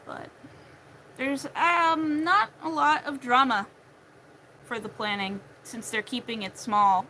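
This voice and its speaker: Chatty young woman with a bright voice. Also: high-pitched, fairly even intonation, slow pace, a little hiss or hum, rough recording. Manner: chatty, acts out quotes of family in shifting voices. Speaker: crochet vlogger. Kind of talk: casual chat while crocheting.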